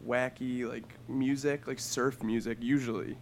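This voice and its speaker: A man co-hosts a comedy podcast, joking and rambling through casual chat with lots of fillers. His voice is medium-pitched, steady, and a little mellow, his pace measured, and there's a slight hiss or hum in the recording.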